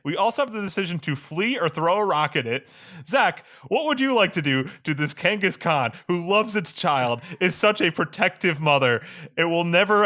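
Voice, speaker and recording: Podcast co-host, male, bright and forceful, playful segment leader. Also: fairly high pitch. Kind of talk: casual chat.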